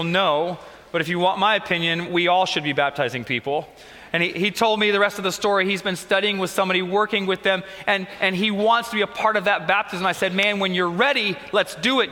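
A man's voice: high voice, bright, forceful tone, big-room sound. A man preaching a sermon as pastor, telling earnest, emotional stories with repeats and restarts. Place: church sanctuary.

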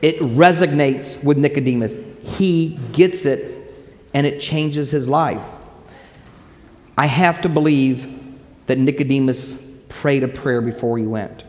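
A man's voice: medium pitch, slow. Preacher man in a reverberant hall. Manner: animated storytelling, quotes scripture. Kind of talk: sermon.

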